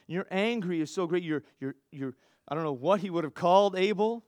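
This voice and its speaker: A man delivers a sermon in a slightly higher voice, talking to the congregation as if in conversation. He breaks off, restarts and throws in asides. The sound is dry and close, with no room around it. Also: brisk, a little mellow, no echo. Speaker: pastor.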